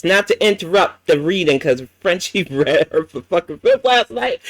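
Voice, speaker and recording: Heated, profane high-voiced male host. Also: lively intonation, normal speed, hardly any pauses, a bit bright, no echo, rough recording. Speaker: livestream commentary host. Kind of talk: ranting reaction commentary.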